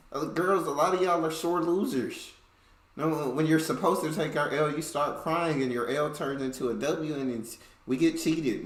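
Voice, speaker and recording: A man's voice: on the high side, roomy sound. A man hosting a reaction video, commenting casually and calling his listeners bro. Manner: laid-back, says bro a lot.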